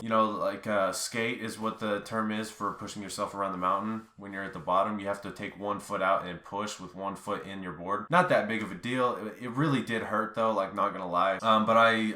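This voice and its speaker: A man's voice: on the low side, pushed and bright. Rambling young man in an echoey room. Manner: rambling, loose storytelling with many fillers. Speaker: vlogger. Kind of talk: casual storytelling vlog.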